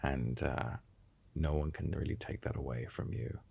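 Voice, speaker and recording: A man's voice: a bass voice, fairly even intonation, moderate pace, gravelly, darkish tone, slightly rough. A man in his thirties, a podcast guest, chatting casually and rambling through fillers and restarts. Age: 30s. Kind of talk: casual chat.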